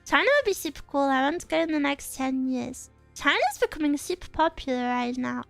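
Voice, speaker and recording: A woman's voice: high voice, a little fast, gravelly, no echo, soft background music. A young woman from England chatting casually as a streamer, rambling and giggling as she tells stories. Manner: giggly, rambling, animated storytelling. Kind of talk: casual chat reading viewer comments.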